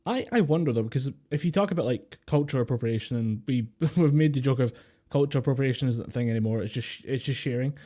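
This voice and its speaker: A man's voice: mid-range voice, quick pace, dark tone. A Scottish man co-hosting a podcast over a voice call, chatting casually, swearing and laughing often. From Scotland. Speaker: podcast co-host. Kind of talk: casual chat. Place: home room over a voice call. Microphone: home mic over a voice call.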